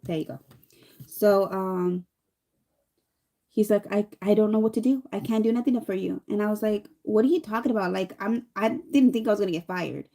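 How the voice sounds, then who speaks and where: A woman in her thirties, a vlogger, chats casually as she does her makeup, her voice at a medium pitch and moderate pace. She tells a rambling story, animatedly acting out the lines of the people in it.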